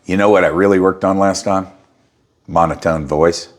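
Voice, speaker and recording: A man interviewing a guest at a trade show, playful and teasing in his questions. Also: moderate pace. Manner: playful, teasing, lively pitch swings.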